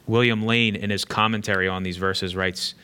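A man preaching a sermon, earnestly repeating key phrases for emphasis and moving between hushed and fervent delivery. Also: fairly low pitch, steady tone, normal speed, clear, resonant tone.

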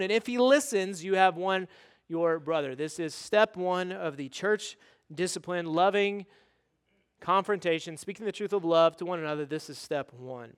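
A man delivers a sermon in a rather high voice. He presses his points with emphatic urgency, then drops to quiet, low asides. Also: clear, resonant tone. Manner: emphatic preaching that swings from loud urging to quiet, low asides. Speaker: pastor.

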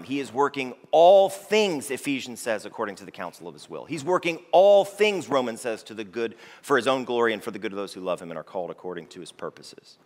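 A man preaching a sermon to his congregation in a mid-pitched voice. He drives his points home, repeating phrases and lifting his voice for scripture readings. The sound carries the long reverb of a church sanctuary. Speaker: pastor.

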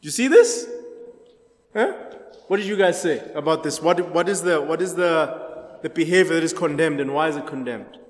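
A man's voice: a little high, animated, normal speed. A man leading an interactive Bible study, chatty, laughing often and quizzing the group. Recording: echoey hall.

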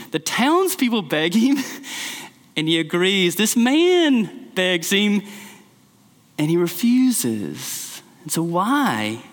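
A man's voice: high-pitched, fairly bright tone, in a large hall. A man preaching a sermon as a pastor, telling stories in a conversational way with many "like"s. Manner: conversational storytelling, frequent "like".

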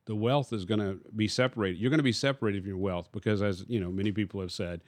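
A man's voice: fairly low pitch, fairly even intonation, quick pace, darkish tone, dry recording, studio quality. A man, a pastor, teaching casually in a discussion and posing rhetorical questions to his listener.

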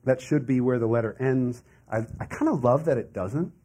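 A man's voice: medium pitch, moderate pace, mellow. A man preaching a sermon as a pastor in a conversational way, with asides and laughs.

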